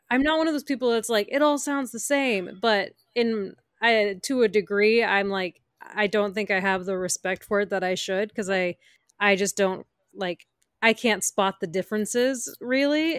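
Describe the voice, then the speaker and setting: A woman's voice: mid-range voice, unhurried, a bit bright, clear, resonant tone, dry recording, clean studio sound. A woman hosting a casual chat, asking questions in a friendly, hesitant way.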